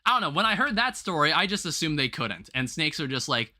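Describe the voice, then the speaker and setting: A young man hosting a game livestream, chatting casually to his viewers in a rambling, animated way, full of restarts and quick laughs. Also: a little high. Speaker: livestream host.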